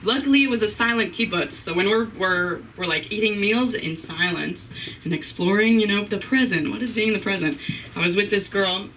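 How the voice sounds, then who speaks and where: A woman doing rambling, giggly stand-up at a live open mic, with a bright, sharp voice. She sounds set back from the microphone. A faint room noise sits behind her. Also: mid-range voice, normal speed, far from the mic, poor audio. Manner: giggly, rambling, self-deprecating. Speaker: stand-up comedian. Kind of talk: stand-up comedy. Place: live open mic night at a comedy venue.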